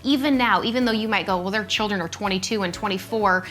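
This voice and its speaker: A woman in easy conversation as co-host, talking animatedly at a medium pitch. She slips into other voices when she quotes people. Faint music plays softly behind her. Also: quick pace. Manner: animated, acts out quoted speech in a shifting voice. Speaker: podcast co-host. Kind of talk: casual chat.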